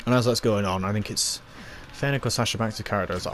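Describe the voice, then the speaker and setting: A man's voice: fairly low pitch, fast talker, fairly bright tone, a little hiss or hum. A man giving a casual, rambling spoken review, recapping scenes with lots of fillers and little acted-out quotes.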